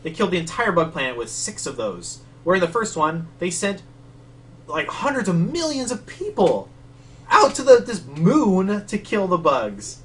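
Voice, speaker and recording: A man co-hosts a relaxed conversation, drifting through his points with plenty of fillers. He sits some distance from the microphone. A faint steady ambience hums behind him. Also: sits high, moderate pace, a little hiss or hum. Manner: rambling, with many fillers. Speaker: podcast co-host. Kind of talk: casual chat between matches.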